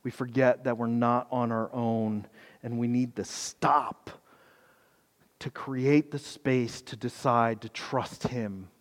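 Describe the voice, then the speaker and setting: A man preaching a sermon as pastor, impassioned, swinging from loud pleading down to hushed, almost whispered lines. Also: medium pitch, steady tone, takes it slowly, in a large hall. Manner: impassioned, builds to loud pleading then drops to near-whisper.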